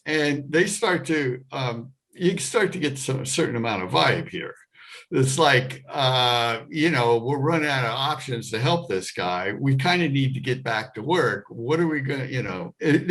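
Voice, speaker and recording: Animated man telling a lively story. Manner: animated, rising high and loud with excitement. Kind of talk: personal story told to a live audience. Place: performing arts center stage.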